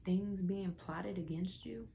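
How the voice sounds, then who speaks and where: Slow, gravelly-voiced woman tarot reader. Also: mid-range voice, dark tone, slight background noise. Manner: drawling, filler-heavy, breaking into whispers. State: stuffy nose. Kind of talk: casual tarot reading to viewers.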